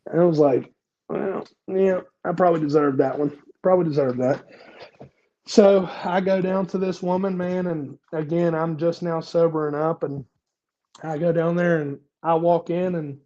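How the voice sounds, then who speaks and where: A man's voice: fairly high pitch, warm tone, highs cut off. A young man telling a personal story casually as a podcast guest, profane and self-mocking, with lots of fillers.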